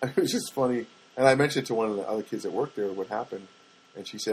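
An older man talks through a casual solo podcast in a husky voice. He tells everyday anecdotes in a rambling way and often stops to correct himself. He adds wry asides as he goes. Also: fairly low pitch, fast, a little mellow. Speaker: podcast host.

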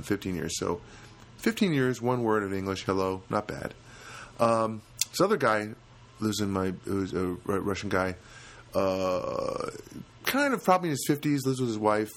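A man with a lowish voice talks through a solo comedy podcast in a loose, rambling way. He stumbles, restarts and pokes fun at himself as he goes. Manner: rambling, self-deprecating, many restarts. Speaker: podcast host. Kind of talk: casual comedic monologue.

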